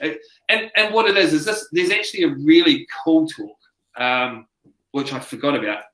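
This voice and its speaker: A New man speaks as a guest in a relaxed interview, retelling stories with lots of energy and plenty of false starts. His voice sits on the higher side for a man. The room is roomy and echoey around him. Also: normal speed. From New Zealand. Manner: animated storyteller, acts out quotes, many restarts. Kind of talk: casual interview chat. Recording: roomy echo.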